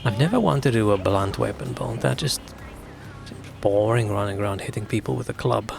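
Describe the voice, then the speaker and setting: Gravelly low-voiced man streaming a game. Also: a little fast, music in the background. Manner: relaxed, rambling, answers chat. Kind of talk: casual gameplay commentary.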